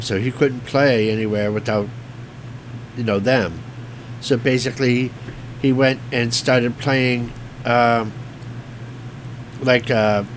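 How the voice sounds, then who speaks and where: A man's voice: medium pitch, a little hiss or hum. A man co-hosting a radio show in casual chat, telling stories in a laid-back, hedging way and unsure of the details. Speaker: radio co-host.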